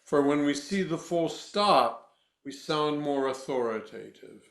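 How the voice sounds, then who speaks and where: A man working as a voice coach, guiding a breathing exercise with slow, deliberate, instructive cues and then answering interview questions. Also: fairly high pitch, expressive, gravelly, roomy sound.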